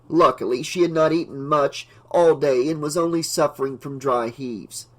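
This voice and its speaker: A man reading an audiobook, narrating the story in a steady, even way. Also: medium pitch, measured pace, hardly any pauses.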